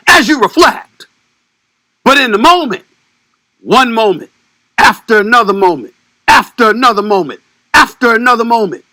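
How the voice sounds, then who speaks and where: Man, sports commentator, high-pitched, piercing, dry close sound, sarcastic impassioned rant. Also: expressive, moderate pace, long pauses, no echo. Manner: impassioned, sarcastic, swings from booming shouts to hushed mockery. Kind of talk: televised sports debate rant.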